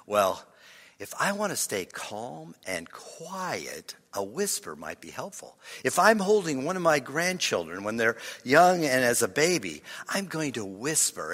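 An older man preaching a sermon, slow and meditative, leading breathing and dropping into breathy whispers, with sighs and soft chuckles. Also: medium pitch. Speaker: pastor. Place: church. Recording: large hall with long reverb.

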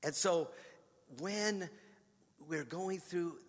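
An earnest male pastor delivering a sermon in a fairly high voice. He moves between hushed, intimate phrases and loud, emphatic ones. His words hang in the long reverb of a large church hall. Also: extremely slow. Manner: earnest, rises and drops in loudness for emphasis.

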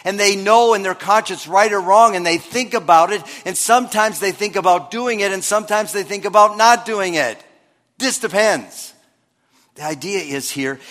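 Man preaching in a reverberant hall. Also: high-pitched. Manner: lively preaching, shifts between loud and hushed. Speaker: pastor. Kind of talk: sermon.

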